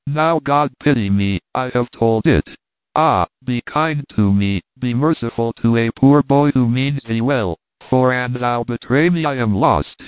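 A man's voice: mid-range voice, unhurried, clean tone, dry recording, close to an everyday voice. A man voicing a timid, frightened young male page in a story, pleading in old-fashioned speech. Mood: fearful pleading. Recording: dry phone-like sound.

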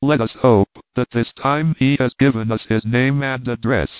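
A man's voice: mid-range voice, steady tone, moderate pace, clean tone, dry recording, close to an everyday voice. Eager male army captain, read plainly by a man; dry, lo-fi phone-like sound.

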